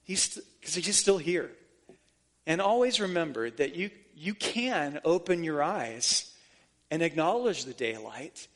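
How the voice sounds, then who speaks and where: A man's voice: fairly high pitch, fairly bright tone. A man preaching a sermon as pastor, earnest and emphatic, repeating phrases to drive points home.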